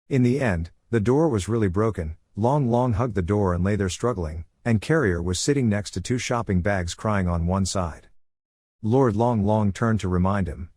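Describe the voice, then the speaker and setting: Male recap narrator, low-ish voice, dry close sound, flat delivery. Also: normal speed, no room sound.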